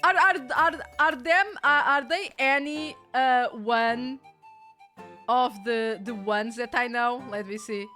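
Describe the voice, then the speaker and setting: High-voiced Portuguese woman streaming. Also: takes it slowly, faint music behind. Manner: excitable, laughs often, swears casually. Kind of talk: casual chat while gaming.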